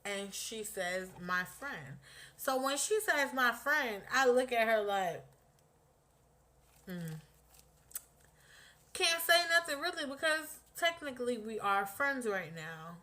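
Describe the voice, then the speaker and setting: Taking her time with long pauses, a young vlogger with a slightly high voice recounts a personal story casually. Her telling is animated, blunt and full of profanity, with quotes from others acted out.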